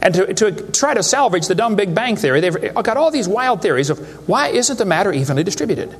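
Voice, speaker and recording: A man's voice: sits high, very animated, a little fast, husky. A man speaking to a live audience, giving a humorous lecture in a folksy, joking way with rhetorical questions.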